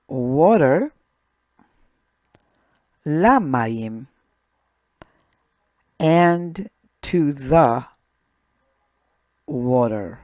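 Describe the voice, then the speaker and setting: A woman teaching a recorded language lesson, speaking slowly and deliberately and repeating each word. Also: sits low, dark tone, dry recording. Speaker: Hebrew teacher.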